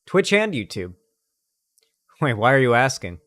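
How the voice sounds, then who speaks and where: A male streamer rambling live to his chat at a desk mic. He talks in a crude, sarcastic, offhand way at a mid pitch, jumping from joke to joke. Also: very animated, a little slow, fairly bright tone.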